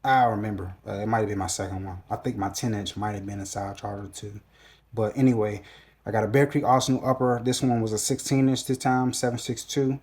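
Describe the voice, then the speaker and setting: A man's voice: lowish voice, fairly even intonation, brisk, a little mellow. A man hosting his own gun channel, telling a rambling storytime recap in a casual, profane way, full of fillers and restarts.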